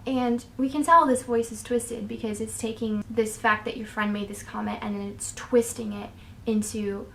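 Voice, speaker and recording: A woman's voice: a little high, fairly even intonation, normal speed, vocal fry, a bit bright, a little hiss or hum. A young woman giving casual faith advice in an earnest, chatty way, drifting into small tangents. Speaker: faith vlogger.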